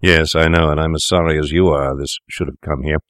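A man's voice: very deep voice, fairly even intonation, brisk, a bit bright, smooth, no room sound, clean studio sound. A man reading an audiobook, voicing a cynical young male doctor who speaks coolly and dismissively. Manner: cool, dismissive and worldly.

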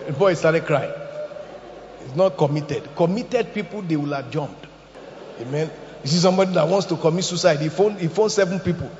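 Animated preacher in an echoey hall. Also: male voice, high-pitched, brisk, slight background noise. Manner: animated preaching, swings from shouting to hushed. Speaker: pastor. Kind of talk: sermon. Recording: echoey hall, muffled sound.

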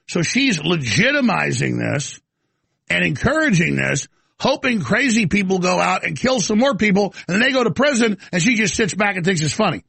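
A man's voice: high-pitched, very animated, moderate pace, gravelly, fairly bright tone, husky, no echo. A man hosting a live talk show, ranting with stammering restarts into a studio mic.

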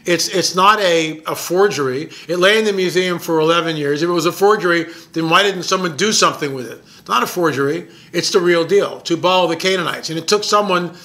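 A man who makes documentaries, telling a story in an excited, emphatic way and often repeating his words. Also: a little high. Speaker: documentary filmmaker. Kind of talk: casual storytelling monologue.

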